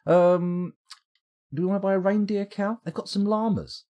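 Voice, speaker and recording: A man's voice: high-pitched, steady tone, normal speed, warm tone, dull audio. A man casually commenting on his game during a live stream, joking, rambling and reading out chat messages. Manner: jokey, rambling, reads chat aloud.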